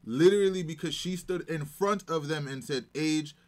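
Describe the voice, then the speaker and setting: A man chatting casually as a guest, telling stories in an animated, emphatic way. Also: a little high, normal speed. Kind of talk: casual chat.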